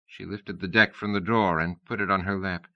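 A man reading an audiobook in steady, even storytelling narration. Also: low voice, fairly quick, lo-fi sound.

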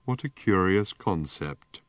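A man voicing an ancient, rusted, gloomy male robot in an audiobook, with a slow, mournful, self-pitying drone. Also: sits low, lively intonation, dry recording. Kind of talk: audiobook character voice.

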